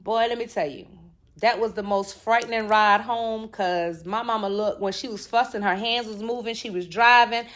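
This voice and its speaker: Brief: a woman host with a slightly high voice spinning a funny, cuss-filled story for her listeners. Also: moderate pace. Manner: animated, profane, addresses listeners as y'all. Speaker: podcast host. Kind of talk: comic personal storytelling.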